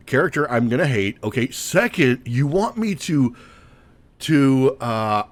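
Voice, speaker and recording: A grown man hosting a podcast, ranting with animated exasperation. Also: mid-range voice, no echo. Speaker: podcast host. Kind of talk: casual rant.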